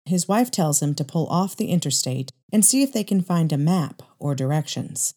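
A woman narrating a dramatic story aloud in a measured, steady way. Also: low-pitched.

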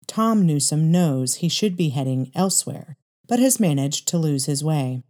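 A woman narrating a dramatic story aloud in a measured, steady way. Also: low-pitched.

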